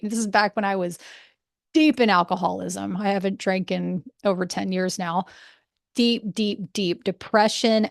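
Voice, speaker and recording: A woman's voice: mid-range voice, gravelly, dry recording, clean studio sound. A woman hosting a motivational podcast as a breath work coach, talking in an earnest, encouraging and candid way, casual with fillers.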